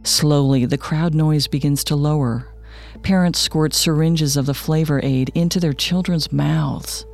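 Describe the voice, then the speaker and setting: A man narrating a scripted true-crime story in a measured, matter-of-fact way. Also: on the high side, fairly even intonation, vocal fry, soft background music. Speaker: podcast narrator.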